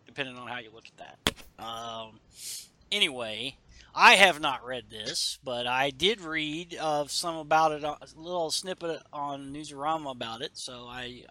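A man with a very bright, forward tone chats casually as a podcast co-host. He rambles and corrects himself mid-sentence, laughing often as he goes. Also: medium pitch. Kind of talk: casual chat.

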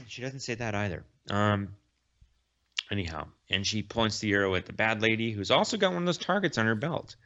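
Low-voiced man rambling through a recap. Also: animated, moderate pace, sharp tone. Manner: rambling, self-correcting retelling. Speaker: podcast host. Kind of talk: casual comic recap. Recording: dull lo-fi recording.

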